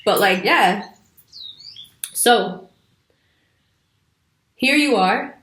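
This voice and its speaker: A woman's voice: mid-range voice, expressive, extremely slow, a bit bright. A woman giving a casual, emphatic astrology talk to camera, sometimes putting on playful little voices. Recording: echoey room.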